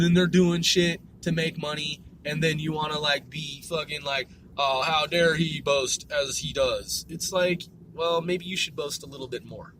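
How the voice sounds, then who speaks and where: A man's voice: a little high, fairly bright tone, slight background noise. Rambling, profane man hosting a podcast. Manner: loose, profane, full of fillers and repeats. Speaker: podcast host. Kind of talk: rambling solo podcast monologue.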